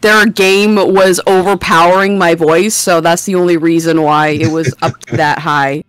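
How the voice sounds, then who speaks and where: A woman chatting casually on a game stream call, giggly and quick to protest. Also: lowish voice, fairly even intonation, clean tone, no echo. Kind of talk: casual chat. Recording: noisy mic in a voice call.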